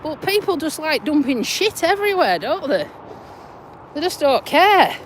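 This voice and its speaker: A woman's voice: high voice, very animated, a little slow, a little hiss or hum. A woman with a Yorkshire accent, from Lincolnshire, chatting bluntly while walking her dog outdoors, recorded on a handheld phone. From Lincolnshire, England. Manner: blunt, chatty, mild swearing. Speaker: vlogger. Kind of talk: casual walking vlog.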